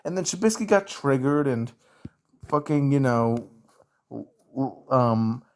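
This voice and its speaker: A man with a Southern US accent speaks at a mid pitch in a slow, drawn-out way. He rants casually through viewer questions and leans on fillers as he goes. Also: expressive, darkish tone. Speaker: YouTuber answering viewer questions. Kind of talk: casual ranting commentary.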